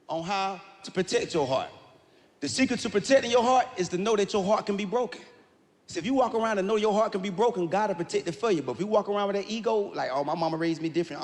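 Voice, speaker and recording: A man doing live stand-up comedy, telling stories with animated, playful asides to the crowd. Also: sits high. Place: large live comedy venue. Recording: reverberant live venue with faint room noise.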